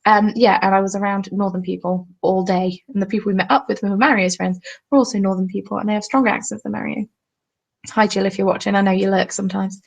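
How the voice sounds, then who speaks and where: Casting note: a southern English woman in her twenties with a gravelly edge, casually chatting on a live stream. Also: mid-range voice. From southern England. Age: 20s. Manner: chatty, rambling, full of ums, answers viewers' comments. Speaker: craft channel host.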